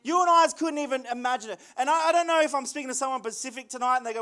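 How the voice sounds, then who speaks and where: A young man preaching with a very high voice. He is earnest, often repeats words as he builds a point, and slows into falling phrases when he reads scripture aloud. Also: pushed and bright, clean tone. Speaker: lead pastor. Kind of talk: sermon.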